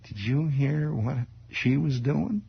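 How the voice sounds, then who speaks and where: A man voicing a schoolboy passing on gossip in a hushed, confiding way, on a lo-fi 1960s radio broadcast. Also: mid-range voice, slow, vocal fry, slightly rough, exaggerated voice.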